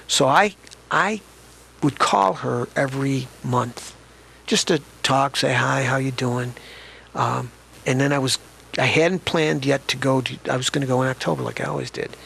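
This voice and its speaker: Older man, gravelly voice, interview guest, reflective storytelling, conversational, restarts sentences, faint background ambience. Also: mid-range voice, fairly even intonation, moderate pace, fairly bright tone, a little hiss or hum.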